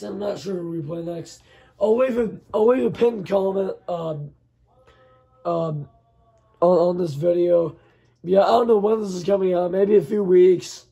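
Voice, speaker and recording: A young man with a hoarse, worn voice, casually commentating his football video game and shouting at big plays. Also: sits high. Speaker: gaming channel host.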